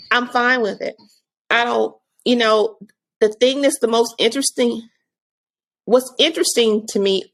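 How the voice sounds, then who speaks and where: Animated, laughing woman guest. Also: on the high side, gravelly. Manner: animated storyteller, laughs often. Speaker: guest, autism advocate and mother. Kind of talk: casual podcast conversation.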